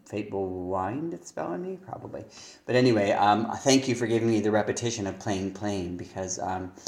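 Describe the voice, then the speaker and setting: A man reading submitted lyrics aloud and commenting on how their stresses fit, pausing often to think. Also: fairly low pitch, darkish tone, reverberant. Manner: reads lines aloud then comments on stress, thinking aloud with fillers. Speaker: songwriting teacher.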